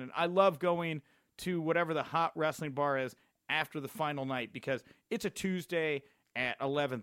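A man hosting a podcast, telling a story in a casual, excitable way and laughing often. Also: mid-range voice, clean tone, dry recording, studio quality. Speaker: podcast host.

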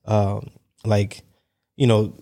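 A man's voice: fairly low pitch, little pitch movement, extremely slow, gravelly, mellow. An American man co-hosting a podcast, explaining his view at length in casual discussion and asking rhetorical questions. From United States. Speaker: podcast co-host.

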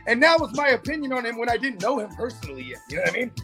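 Brash high-voiced man, gravelly. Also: sing-song, very fast, pushed and bright, faint music behind. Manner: brash, swaggering, cursing freely. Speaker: podcast co-host. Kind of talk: casual profane trash talk.

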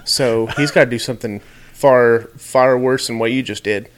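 A man co-hosts a loose podcast conversation, telling stories from his time in the military. He talks haltingly, doubling back on words and restarting sentences, and drops crude, blunt jokes. His pitch is a typical middle male range. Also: poor audio. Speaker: podcast co-host, former military. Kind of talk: casual chat.

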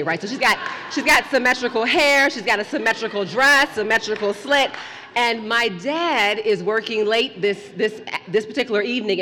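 A woman with a bright, sharp voice tells a story to an audience in a lively, playful way, sinking to a near hush for the tense bits. Her voice rings out in a large hall with a long reverb. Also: mid-range voice. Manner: animated, playful, drops to a hush for suspense. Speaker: speaker telling a story to an audience.

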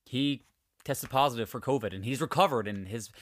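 A man hosts a podcast in a candid, emotional monologue, ranting and swearing freely in a casual way. His mid-range voice is fairly quick, and there's no echo.

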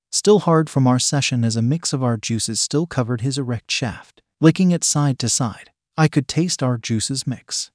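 A man reads an erotic story aloud in steady, unhurried first-person narration. His voice sits at an ordinary middle pitch, recorded close to the mic, dry and without room echo.

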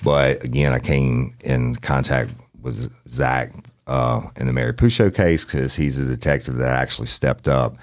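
A man hosting a true-crime podcast from a studio, talking in a folksy, plain-spoken way with drawn-out phrasing. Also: rumbling low, no echo. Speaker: podcast host.

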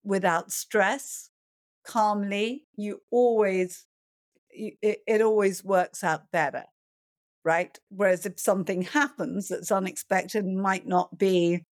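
A middle-aged woman, a film producer, answering interview questions in a calm, reflective way, sometimes acting out a panicked voice. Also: medium pitch, slow, no room sound, studio quality. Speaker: film producer and director, guest.

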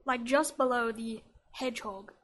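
Australian woman co-host, casual podcast chat, bright high voice, giggly. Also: steady tone, moderate pace, slight background noise. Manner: chatty, laughs while explaining.

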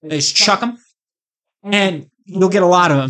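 A man's voice: sits high, moderate pace, a bit bright. A man from the United States, a vlogger, talking straight to camera in a hyped, rambling, jokey rant with crude asides. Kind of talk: casual comedic rant to camera.

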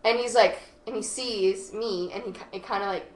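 In an echoey room with faint background noise, a podcast guest with a mid-range voice tells a personal story at normal speed. Her casual, animated chat is packed with "like" and uninhibited swearing.

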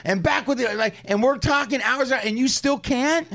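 A man's voice: extremely high pitch, normal speed. A man co-hosting a podcast, telling crude stories in boastful casual banter. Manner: animated, boastful storyteller. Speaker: podcast co-host.

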